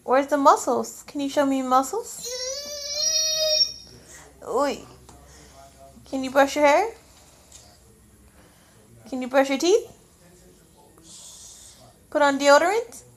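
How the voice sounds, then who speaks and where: A woman at home coaxing a toddler to say words, prompting in a drawn-out, sing-song way. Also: sits high, expressive. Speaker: parent.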